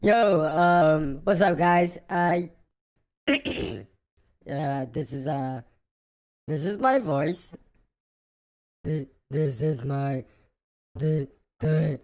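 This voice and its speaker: A man streaming and reacting live in a joking, rambling way, his voice run through a chipmunk pitch-raising filter. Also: animated, drawn-out words, pauses often, fairly bright tone. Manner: playful, joking, rambling with restarts. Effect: pitch-raised chipmunk voice filter.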